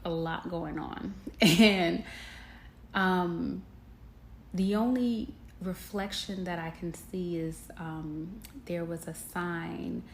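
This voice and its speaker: A young woman hosts a podcast, speaking slowly in a fairly low, fairly even voice as she shares a personal story with candor and emotion. She laughs often and calls her listeners y'all. The room is echoey, with faint background noise.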